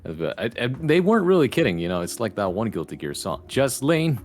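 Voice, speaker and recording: A man with a calm, relaxing voice, a podcast guest chatting casually and wryly. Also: medium pitch, fairly quick, soft background music. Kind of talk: casual chat.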